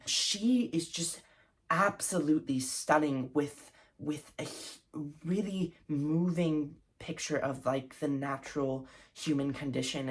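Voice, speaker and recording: A young woman reviewing her favorite books in a casual vlog, gushing and effusive, with lots of fillers and restarts. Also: very deep voice. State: recovering from covid. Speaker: book vlogger.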